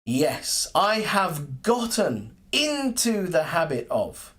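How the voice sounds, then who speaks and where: An English teacher leading a live online lesson, drawing out each example phrase at a slow, deliberate pace. The voice rises and falls widely, sounding encouraging as they welcome viewers by name and praise their answers. The pitch sits in a middle range. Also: very animated, fairly bright tone.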